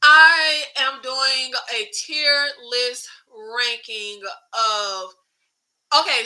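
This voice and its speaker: A woman hosts a casual livestream with a high, very bright voice. She talks in an animated way, swears freely and answers viewer comments. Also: rough recording. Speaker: YouTube host.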